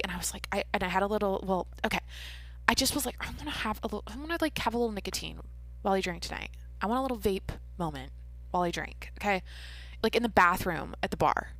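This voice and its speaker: A woman's voice: medium pitch, bright, forceful tone, no room sound. A young woman hosting her own podcast, rambling casually and candidly with lots of filler words, small restarts and giggles. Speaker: podcast host. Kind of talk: casual solo podcast chat. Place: home room with closed windows.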